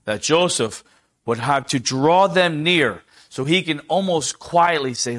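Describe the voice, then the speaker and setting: A middle-aged man preaching a sermon, asking the congregation rhetorical questions and dropping to a near hush for tender quoted lines. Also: fairly high pitch, animated, a little slow.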